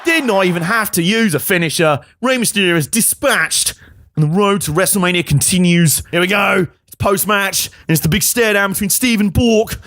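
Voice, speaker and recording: A man's voice: high voice, normal speed, fairly bright tone, no echo. Jokey man narrating gameplay. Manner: jokey, sarcastic, chuckling often. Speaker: let's play host. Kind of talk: let's play commentary.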